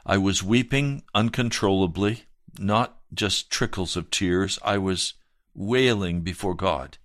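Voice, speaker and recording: A man's voice: low-pitched, slow, a bit bright, dry recording, clean studio sound. A male pastor telling his personal testimony in a sermon, earnest and storytelling, with dramatic swells.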